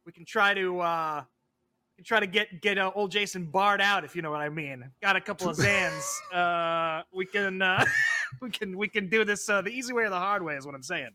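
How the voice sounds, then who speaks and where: A man's voice: sits high, fairly quick, sharp tone. A man playing a comedic tabletop role-playing game, hesitant with many ums but playful. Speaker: player.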